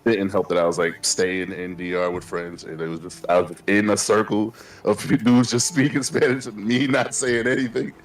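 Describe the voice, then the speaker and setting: A man's voice: on the low side, steady tone, normal speed, hardly any pauses. A man casually telling stories while gaming on a stream, laid-back and profane, laughing often. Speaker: streamer co-host.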